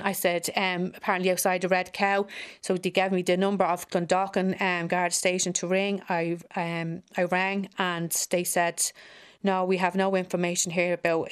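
A middle-aged woman with an Irish accent tells her story in an emotional radio interview. Her speech is halting and full of repetitions, and the grief is raw in her voice. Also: on the low side, clean tone. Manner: halting, repeats herself, speaks with raw grief. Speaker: radio guest, bereaved mother.

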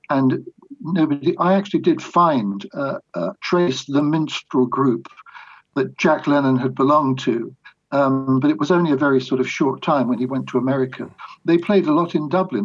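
A man's voice: mid-range voice, moderate pace, husky, dull audio. An older man, a biographer, answering interview questions in a reflective, anecdotal way with hesitant restarts. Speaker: biographer guest.

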